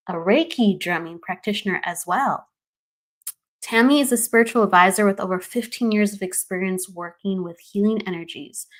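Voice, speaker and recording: A woman's voice: medium pitch, a bit bright. Bubbly woman hosting a live stream. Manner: bubbly, greets viewers by name, laughs often. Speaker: host.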